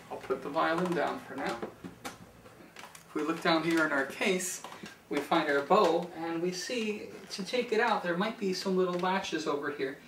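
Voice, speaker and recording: A man's voice: a little high, fairly bright tone, a little hiss or hum. A man teaching a beginner violin lesson on video, patient and repeating key phrases for beginners. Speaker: music teacher. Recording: echoey room from far off.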